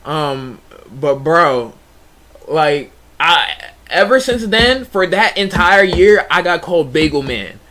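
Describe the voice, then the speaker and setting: High-voiced young man telling a casual story. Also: slow. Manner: animated, slangy, frequent restarts and "bruh". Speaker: streamer.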